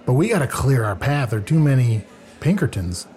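A man's voice: medium pitch, big pitch swings, a little fast, darkish tone. A man improvising a character in a role-play, scheming and exasperated. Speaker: player.

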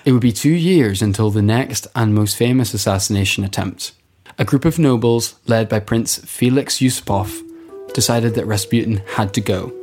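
A man with a fairly low voice tells a historical story in a relaxed, joking way. A little background music sits faintly under his voice. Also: moderate pace. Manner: laid-back, laughs along, retells events with put-on quotes. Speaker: podcast co-host telling a history story. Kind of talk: casual storytelling chat.

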